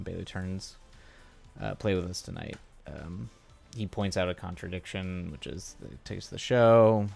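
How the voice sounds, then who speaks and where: A man's voice: low-pitched, vocal fry. A man streaming live, thinking aloud and musing with rambling asides while he writes a script. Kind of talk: casual live-stream writing session.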